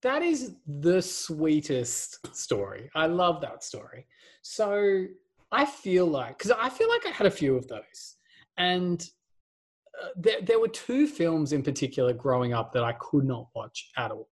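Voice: medium pitch, big pitch swings, unhurried. A podcast co-host, chatting casually in a rambling way and laughing often. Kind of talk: casual chat.

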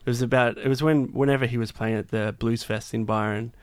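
A man's voice: medium pitch, steady tone, a little fast, no echo. A man tells a long, winding anecdote in a casual chat. He restarts his sentences often and leans on fillers. His voice sits in a middle range, and the sound is dry and close. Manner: rambling, many restarts and fillers. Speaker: guest singer-songwriter.

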